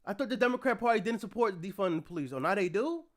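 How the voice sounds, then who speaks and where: A high-pitched young man rants through a political commentary stream, reacting to what he reads. He is indignant and profane and breaks into angry shouts. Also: lively intonation, very fast.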